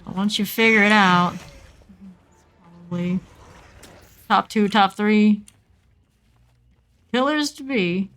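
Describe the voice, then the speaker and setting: A woman streams a game and chats to herself in a playful, casual way, now and then breaking into excited squeals. Her voice sits at an ordinary middle pitch for a woman, with close desk-mic sound. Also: slow pace, pauses often. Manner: chatty, playful self-talk with sudden excited squeals. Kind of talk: casual gameplay commentary.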